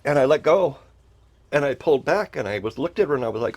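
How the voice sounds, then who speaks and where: A man's voice: mid-range voice, very animated, fairly quick, a little mellow, dry recording. A middle-aged man telling a personal story with emotion, earnestly repeating phrases and rising into pleading.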